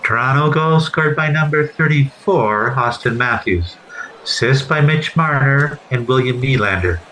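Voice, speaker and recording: Man imitating a formal arena PA announcer, deadpan, measured, bright tone. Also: medium pitch, a little hiss or hum, low-quality recording.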